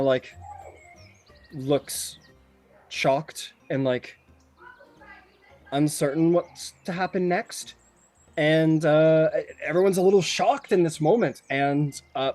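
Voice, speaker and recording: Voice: medium pitch, steady tone, takes it slowly, pauses often, a little mellow, faint music behind. A game master narrating a tabletop game in a casual, rambling way, with frequent fillers.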